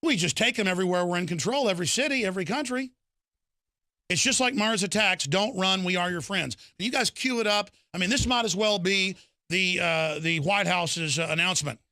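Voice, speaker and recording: Ranting man with a bright, forceful voice. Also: high voice, brisk, no echo, clean studio sound. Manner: ranting, fiery, mocking impressions, builds to shouts. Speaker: talk show host. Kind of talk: impassioned political monologue.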